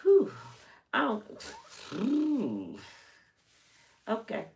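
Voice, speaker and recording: A woman's voice: on the high side, wildly swooping pitch, extremely slow, creaky, darkish tone. A middle-aged woman from the United States chatting casually and teasingly as a channel host, drawling and chatty. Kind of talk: casual gossip commentary.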